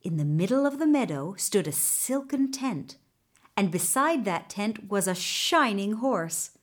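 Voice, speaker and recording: A woman narrating a children's storybook in a gentle, measured way. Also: medium pitch, lively intonation.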